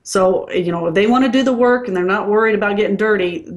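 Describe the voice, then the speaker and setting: A woman's voice: mid-range voice, fast. A woman working as a dental consultant, speaking frankly and bluntly in a casual interview.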